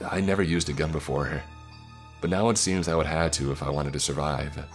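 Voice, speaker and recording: A man narrating a first-person horror story in a slow, measured way. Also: rumbling low.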